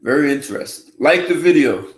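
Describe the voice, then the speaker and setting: A man hosting a casual livestream show, talking in an unhurried, musing way with frequent restarts and throat clearing. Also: on the high side, lively intonation. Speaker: host. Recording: roomy echo.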